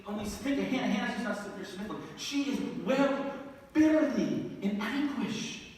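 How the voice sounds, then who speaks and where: A middle-aged man preaching a sermon as pastor, earnest and building from quiet words to emphatic outbursts. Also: very high-pitched, lively intonation, moderate pace. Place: church sanctuary. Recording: echoey hall, distant mic.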